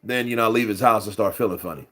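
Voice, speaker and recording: A man's voice: lowish voice, racing, fairly bright tone. A man with a cold hosting a casual boxing news livestream, rambling with lots of fillers and greeting viewers in the chat. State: has a cold.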